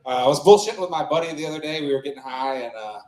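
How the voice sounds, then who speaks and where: Crude joking stand-up host, roomy club. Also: male voice, a little high, animated, racing, a little mellow. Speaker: open mic host and comedian. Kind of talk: stand-up comedy and hosting. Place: small comedy club stage.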